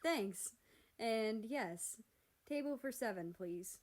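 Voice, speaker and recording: A woman's voice: on the high side, animated, slow. A woman voicing a teasing, upbeat young man who works as an actor, in a storybook reading. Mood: playful.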